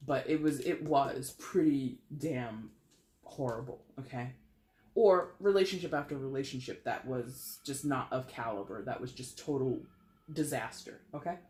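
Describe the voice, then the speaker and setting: A man's voice: medium pitch, echoey room. Chatty man reading tarot cards. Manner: chatty, animated, swears casually. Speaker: tarot reader.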